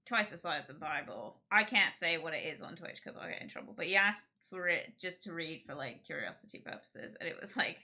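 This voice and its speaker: A woman's voice: low voice, lively intonation, fairly quick, few pauses, sharp tone. A woman hosting her livestream, chatting casually and rambling with giggles and restarts. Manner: rambling, giggly, self-interrupting. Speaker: streamer host.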